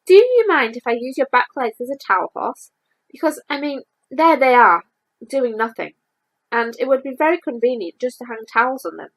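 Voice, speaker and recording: A woman's voice: high voice, lively intonation, normal speed, poor audio. A woman voicing a fussy, polite male rabbit in a storybook read-aloud, prim and matter-of-fact. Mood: brisk.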